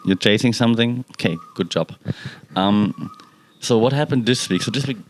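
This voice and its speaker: A man with a medium-pitched voice talks at a normal speed while hosting a casual solo podcast from his home balcony. Relaxed and rambling, the podcast host keeps stopping mid-sentence to chat with his cats.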